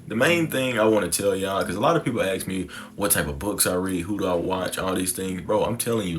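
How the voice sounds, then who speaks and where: A man's voice: low-pitched, a bit bright. A young man telling his personal story to the camera in a reflective, conversational, slangy way. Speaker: content creator.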